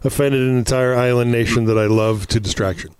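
A man's voice: medium pitch, fairly even intonation, a little fast, clean tone. A man co-hosting a casual comedy podcast, sarcastic and joking, with rambling asides. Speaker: podcast co-host.

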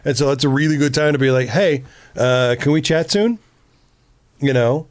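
A man's voice: medium pitch, moderate pace, no room sound. A man co-hosting a relationship podcast, talking bluntly with plenty of swearing and acting out quoted lines. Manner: blunt, profane, animated quoting of himself. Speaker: podcast co-host. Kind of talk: casual relationship advice chat.

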